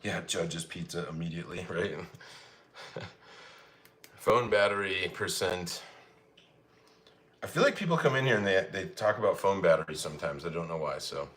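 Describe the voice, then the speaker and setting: A man's voice: sits low, animated, normal speed, long pauses, a bit bright, a little hiss or hum. Easygoing man chatting on a cooking stream. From Colorado, United States. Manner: chatty, reads chat comments aloud, easygoing. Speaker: livestream cooking host. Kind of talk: casual livestream chat while cooking.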